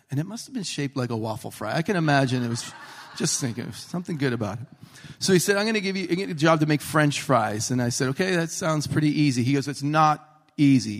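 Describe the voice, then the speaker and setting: Male preacher, playful and animated sermon delivery, jokey asides, acts out quotes, mid-pitched voice. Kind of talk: humorous sermon storytelling.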